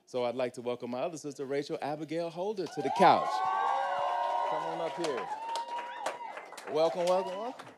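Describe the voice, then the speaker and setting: A man's voice: a little high, moderate pace, long pauses, a loud crowd, heavy background noise. Upbeat man hosting a live panel. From United States. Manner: energetic, preacher-like hype with casual slang. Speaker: panel host. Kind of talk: live panel introductions and moderating.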